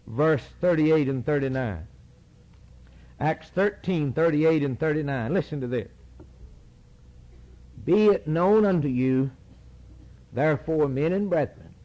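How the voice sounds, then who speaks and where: A man's voice: fairly high pitch, darkish tone, rough recording. A man preaching a sermon, reading scripture aloud and driving points home through repeated phrases.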